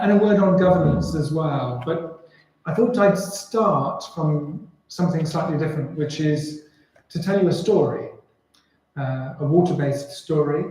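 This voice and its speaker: A man speaking at a public panel, telling a fable in an unhurried way with many pauses. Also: fairly high pitch, dark tone. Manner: unhurried, with filler "uh"s and restarts. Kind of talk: storytelling talk at a public panel. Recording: very echoey room.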